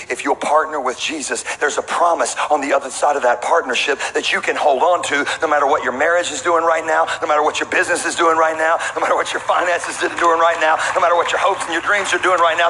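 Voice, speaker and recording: A middle-aged man preaching with a bright, forceful voice and a slightly raised pitch. He tells stories in an animated way and calls out to the congregation. His voice rings with long reverb through a large church hall, with faint noise behind it. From Texas. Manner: animated storytelling preacher with call-and-response asides. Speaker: pastor. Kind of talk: sermon.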